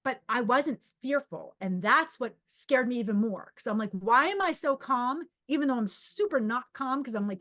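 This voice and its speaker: Chatty, animated middle-aged woman storyteller. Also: mid-range voice. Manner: animated, rambling, with many restarts and acted-out inner voices. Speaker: podcast host and psychic medium. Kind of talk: casual personal storytelling.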